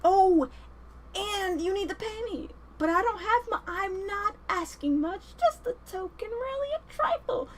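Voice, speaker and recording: A woman's voice: very high-pitched, expressive, a little slow, slight background noise, voice pushed up. A woman putting on a sly coaxing sea witch. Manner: coaxing, sweet-talking. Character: scheming female sea witch villain, sly.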